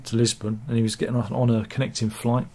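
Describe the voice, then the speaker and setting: A man's voice: mid-range voice, flat delivery, quick pace, a little mellow. A man giving casual satirical news commentary, full of wry self-mocking asides and mock-dramatic quips. He talks over pictures he shows. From England.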